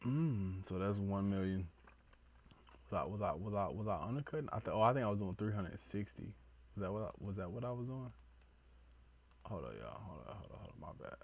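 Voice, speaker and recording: A man hosting a reaction video in casual commentary, profane and excitable, stumbling over numbers and talking to himself. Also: on the low side, fairly quick, breathy edge.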